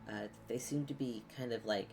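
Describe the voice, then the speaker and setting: A woman's voice: a bass voice, normal speed, darkish tone. A woman narrating a tabletop game as game master, hesitant, with many ums and likes.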